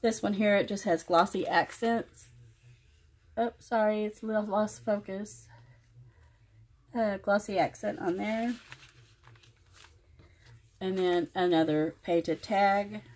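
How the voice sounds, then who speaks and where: A woman hosting her own craft channel, showing a finished project page by page in plain, unhurried commentary made of short phrases. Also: medium pitch, darkish tone. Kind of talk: casual show-and-tell walkthrough.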